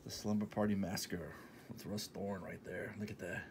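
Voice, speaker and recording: A man in his thirties talking casually in a shopping haul vlog, enthusiastic and repetitive, sometimes dropping to a soft half-whisper. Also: deep voice, flat delivery, normal speed, creaky, a little hiss or hum. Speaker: vlogger showing a shopping haul.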